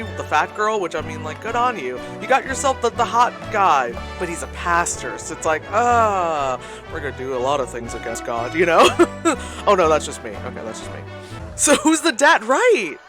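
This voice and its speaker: An animated streamer reacts live to a film, laughing often, cursing freely and slipping into mocking voices. The pitch leaps around constantly. A film's soundtrack plays faintly underneath. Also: moderate pace, music in the background.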